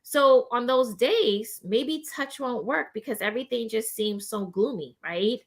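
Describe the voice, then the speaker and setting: A woman's voice: on the high side, measured pace. A woman host in a casual chat about mental health who gives practical advice, laughing often and tagging her points with "right?". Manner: animated, laughs often, many "right?" tags. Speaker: gives advice to people with depression.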